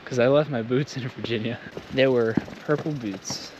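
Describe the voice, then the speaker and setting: A man's voice: medium pitch, highs cut off. Joking man vlogging in the wind. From Southern United States. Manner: joking, rambling, slow from the cold. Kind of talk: casual vlog talk. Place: windy mountain outdoors. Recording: wind noise outdoors.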